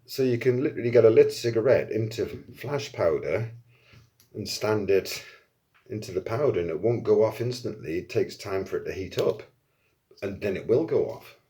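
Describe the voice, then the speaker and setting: A man telling a casual anecdote in an animated way, swearing often and acting out quotes. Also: deep voice. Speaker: storyteller.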